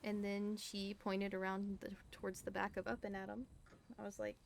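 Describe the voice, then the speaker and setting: Gravelly woman spinning a story. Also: medium pitch, normal speed, slight background noise. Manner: animated storyteller acting out others' lines. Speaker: roleplay doctor character. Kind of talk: in-character storytelling on a game stream.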